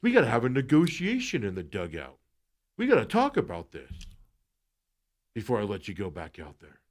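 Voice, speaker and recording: A man putting on a low, mumbling mock voice of a fussy, overcautious baseball manager during a sports radio rant. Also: huge pitch swings, normal speed. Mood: smug.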